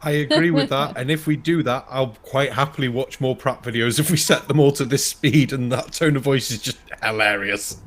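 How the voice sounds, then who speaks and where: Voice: mid-range voice, moderate pace, hardly any pauses. A panelist in a casual live chat who is exasperated and swears freely.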